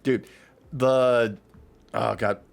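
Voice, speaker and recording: A man co-hosting a podcast in casual chat, excitedly recapping wrestling matches and swearing freely. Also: medium pitch, drawn-out words, vocal fry. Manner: excitable, profane, recaps matches with acted-out quotes. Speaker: podcast co-host.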